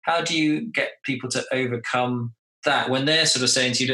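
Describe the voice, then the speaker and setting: A man hosting a podcast interview, asking thoughtful questions in a relaxed, conversational way. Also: mid-range voice, a little fast. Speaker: podcast host. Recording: roomy echo.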